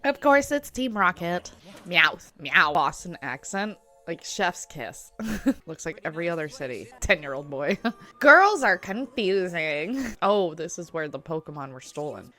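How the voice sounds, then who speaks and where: A woman's voice: fairly low pitch, sing-song, measured pace, pushed and bright. A young woman chatting casually and giggling as she reacts to a cartoon at home. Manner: chatty and giggly, full of filler "like". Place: home room at a desk chair.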